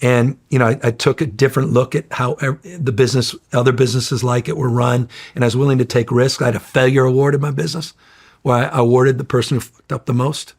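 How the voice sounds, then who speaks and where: Gravelly-voiced middle-aged man telling stories. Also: mid-range voice, fast talker. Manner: profane, animated storyteller, acts out quoted voices loudly. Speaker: interview guest. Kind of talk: casual storytelling chat.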